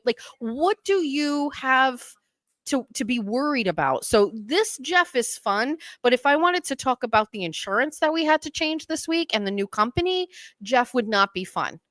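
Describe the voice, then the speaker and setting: A woman's voice: on the high side, bright, forceful tone, dry recording. A woman hosting a casual livestream chat, chatty and teasing about her husband. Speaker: host.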